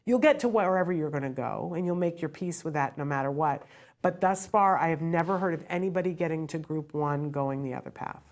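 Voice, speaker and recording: Middle-aged woman, host, earnest advice talk, emphatic, heartfelt, slightly low pitch. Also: a little fast.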